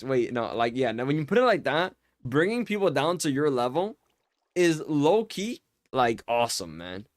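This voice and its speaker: Studio-quality audio with no echo captures a mid-range male voice with big pitch swings, moving at a moderate pace. While playing a game on stream, he chats casually and pretends to be offended by his viewers, frequently stammering and repeating himself in jest.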